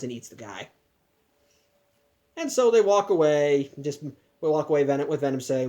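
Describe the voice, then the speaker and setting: A man's voice: a little high, expressive, moderate pace, a little mellow. A man casually recapping a film plot, talking in a loose, chatty way with many restarts and asides. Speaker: podcast host.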